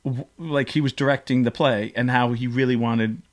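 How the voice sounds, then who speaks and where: A man's voice: medium pitch, fairly even intonation, moderate pace. A man hosting a podcast, telling stories in an emotional, rambling casual chat. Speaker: podcast host.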